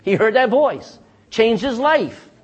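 A man's voice: extremely high pitch, expressive, takes it slowly, husky, highs cut off. A man preaching a sermon in a folksy, emphatic way. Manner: folksy, emphatic preaching with sudden loud bursts and chuckles.

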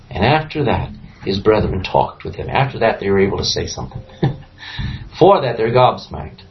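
A man teaching a Bible study, reading scripture aloud and acting out the characters with laughs. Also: medium pitch. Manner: animated, acts out scripture voices with laughs. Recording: dull lo-fi room recording.

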